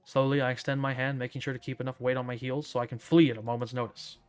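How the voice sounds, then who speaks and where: A man's voice: mid-range voice, level tone, quick pace, clean tone, soft background music. Man narrating a visual novel. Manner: theatrical, smug first-person narration. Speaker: streamer reading a visual novel. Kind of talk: dramatic visual novel read-aloud.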